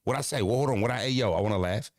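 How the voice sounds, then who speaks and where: A man's voice: on the low side, very fast, no room sound, studio quality. A man, chatting casually as a streamer reacting to clips, laid-back and freely swearing.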